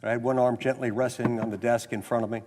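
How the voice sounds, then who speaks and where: American senator speaking in an echoing chamber. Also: male voice, medium pitch, little pitch movement, quick pace, darkish tone, slight background noise. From United States. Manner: storytelling, mimics others in quotes, then earnest and insistent. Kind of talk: floor speech mixing anecdote and argument. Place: legislative chamber. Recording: long reverb of a large chamber.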